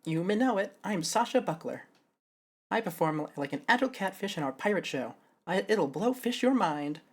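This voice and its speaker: A man's voice: sits high, lively intonation, moderate pace, pitched above the performer's own voice. A man voicing a perky young woman who performs in an aquarium pirate show, full of fish puns and pleading for help. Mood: cheerful. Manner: bubbly, pun-filled, pleading.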